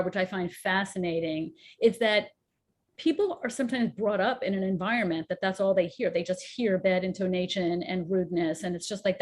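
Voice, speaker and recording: A woman co-host in casual chat, animated and acting out examples in different tones. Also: medium pitch. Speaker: co-host, children's show songwriter.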